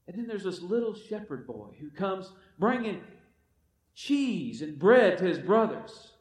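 A man preaches a sermon in a high, sing-song voice at a slightly slow pace, urging his listeners on with repeated cries of "come on" and acting out the quotes he shares. The recording sounds distant, captured from far away in an echoey room.

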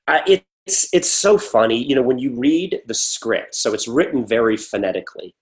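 A man being interviewed about his acting work, talking casually and rambling into lively stories with acted-out quotes. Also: mid-range voice, moderate pace. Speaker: actor guest.

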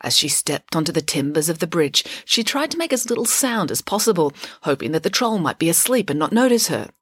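A woman reads a children's story aloud in a playful, wry way, using dramatic pauses. Her pitch rises and falls a great deal. The recording is close and dry. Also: big pitch swings, breathy edge, dry recording. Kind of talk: storybook narration.

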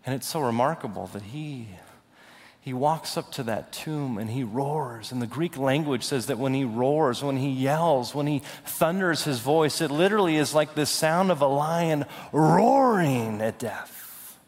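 A young adult man preaching a sermon, swinging from loud, rising declarations to hushed, slow intensity. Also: medium pitch, expressive. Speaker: pastor. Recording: long hall reverb.

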